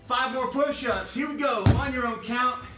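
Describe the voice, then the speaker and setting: A man's voice: very high voice, normal speed. A man teaching a livestreamed kickboxing class, counting reps and joking with the students. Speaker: kickboxing instructor. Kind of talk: livestreamed workout class instruction. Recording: echoey room with music behind.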